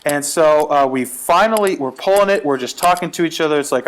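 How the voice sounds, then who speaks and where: A man's voice: medium pitch, a little fast, hardly any pauses, a little hiss or hum. A man casually telling a comic travel story, acting out the quotes as he goes. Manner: animated, acts out quotes. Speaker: guest storyteller.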